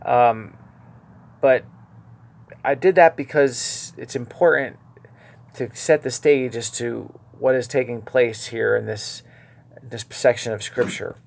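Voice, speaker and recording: A male preacher teaching scripture verse by verse, his voice gravelly and rough at the edges. He talks earnestly, dropping into soft asides and then leaning hard on key lines for emphasis. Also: medium pitch, steady tone, takes it slowly, long pauses. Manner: earnest, shifts between quiet asides and emphatic stressed lines.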